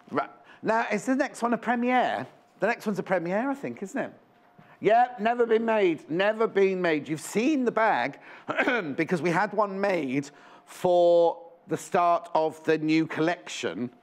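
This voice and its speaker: A man presenting on a live shopping channel, chatty and rambling, counting down stock and correcting himself as he goes. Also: a little high. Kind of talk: live TV sales pitch. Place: TV studio.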